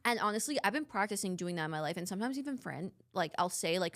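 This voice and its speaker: A woman's voice: mid-range voice, expressive, quick pace, fairly bright tone. A young woman co-hosting a podcast, talking in a reflective, casual way with lots of "like". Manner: reflective, heavy use of "like". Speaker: podcast co-host. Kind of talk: casual chat.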